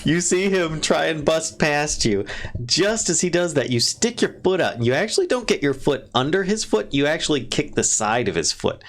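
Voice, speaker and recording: A man narrating as the dungeon master of a tabletop game, chuckling often and pausing to restart his sentences. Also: a little high. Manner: laughs often, relaxed and unhurried with restarts.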